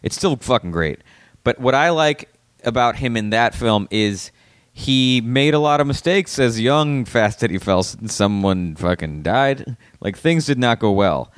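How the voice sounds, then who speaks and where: Animated man in casual podcast chat. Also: mid-range voice, clean tone, dry recording, clean studio sound. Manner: animated storyteller, quick bursts, acts out quotes. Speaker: podcast co-host.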